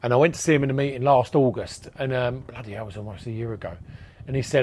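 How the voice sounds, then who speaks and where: A man's voice: medium pitch, steady tone, fast talker, darkish tone. A man being interviewed on a podcast, chatting casually, telling stories, acting out conversations and laughing often. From England. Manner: chatty storyteller, acts out dialogue, laughs often. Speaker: podcast guest, events promoter.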